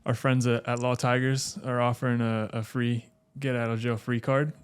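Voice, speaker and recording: A man hosting a podcast, asking questions in a halting way with repeated words. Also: mid-range voice, level tone, clear, resonant tone. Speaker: podcast host. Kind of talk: casual interview chat.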